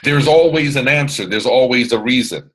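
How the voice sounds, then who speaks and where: A man from Atlanta with a Southern American accent and a resonant baritone, giving an emphatic, preachy motivational training talk on a video call. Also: normal speed, a bit bright, breathy edge, rough recording. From Atlanta, Georgia, US. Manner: preachy, emphatic, repeats phrases, puts on voices of others. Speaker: mentor hosting a live training call.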